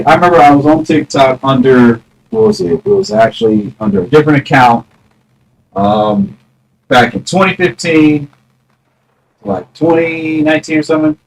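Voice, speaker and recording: A man's voice: medium pitch, slight background noise, rough recording. Rambling man chatting on a live stream. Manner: rambling, greets chat viewers by name; mock-challenging, drawn-out taunts. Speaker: livestreamer. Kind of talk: casual live stream chat. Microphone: phone.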